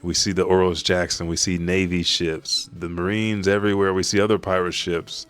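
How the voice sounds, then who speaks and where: A man hosting a casual reaction, reading a chapter aloud. He swears freely and gets excited. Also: low voice, moderate pace, smooth. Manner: profane, excitable, reads quoted lines aloud. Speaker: manga reaction host.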